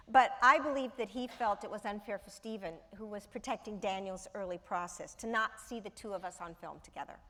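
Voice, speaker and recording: A woman, an actress, telling a lively anecdote in conversation, laughing often and repeating words as she talks. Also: mid-range voice. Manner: animated, laughing storyteller who repeats words.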